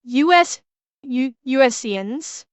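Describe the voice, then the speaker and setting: A woman's voice: high-pitched, lively intonation, slow pace, clean tone, no room sound. A woman streamer reacting to a video in casual live commentary, blunt and swearing freely, often restarting her sentences.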